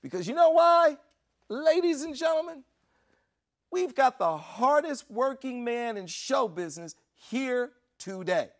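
A man putting on the voice of a booming male TV boss announcing to a party crowd. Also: big pitch swings, takes it slowly, long pauses, full character voice. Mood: exuberant. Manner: loud, showman-like announcing.

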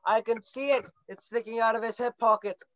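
A young woman voicing a brave, gruff little male cinnamon bear in a school play, bossy and mock-ferocious. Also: on the high side, fairly even intonation, fairly quick, highs cut off, lightly acted. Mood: indignant. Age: young adult. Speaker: student actor. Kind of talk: stage play acting.

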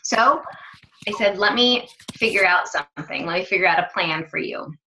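A woman fitness coach with a fairly low, bright and forceful voice tells a story at a moderate pace in a chatty, rambling monologue, often correcting herself mid-sentence. The recording sounds dull and lo-fi, with slight hiss or hum.

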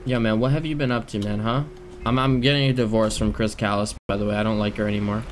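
A man's voice: fairly low pitch, fairly even intonation, a little hiss or hum. A man streaming a role-play game, swearing and getting angry in casual in-character banter. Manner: profane, quick to anger.

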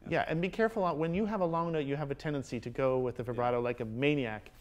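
A man teaching a master class, coaching players and singing rhythms out loud, often checking with a quick "yeah?". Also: mid-range voice, loud music behind the voice. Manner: sings rhythms aloud, frequent checking "yeah?". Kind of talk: coaching musicians, singing phrases. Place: concert hall with instruments playing.

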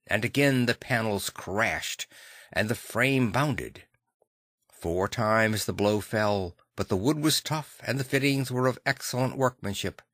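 A man narrating a classic novel audiobook in a measured, dramatic way on a close microphone. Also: fairly low pitch, fairly bright tone, dry recording.

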